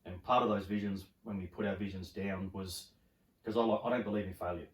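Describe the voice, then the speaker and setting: A middle-aged Australian man, a podcast guest, telling stories in animated, casual chat and swearing freely. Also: sits low, a little fast. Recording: roomy, from a distance.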